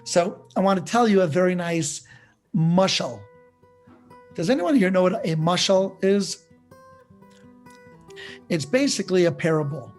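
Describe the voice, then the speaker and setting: A man, a rabbi teaching a class, telling a parable in a lively, conversational way and putting questions to his listeners. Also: high voice, a little slow, long pauses, faint music behind. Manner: animated storyteller who acts out dialogue; conversational, asks the audience questions.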